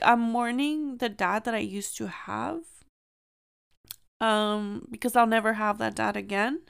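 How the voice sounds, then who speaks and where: A woman's voice: fairly high pitch, vocal fry, fairly bright tone, clean tone, no echo. A young woman hosting a podcast, speaking earnestly and emotionally in a personal monologue, at times close to tears. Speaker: podcast host.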